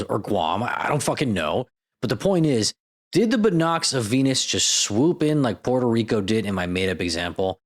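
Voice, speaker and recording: A man hosting a scripted comedy podcast, narrating with sarcastic, self-mocking asides and dropping into silly voices. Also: on the low side. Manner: lively, jokey delivery with silly voices. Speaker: podcast host.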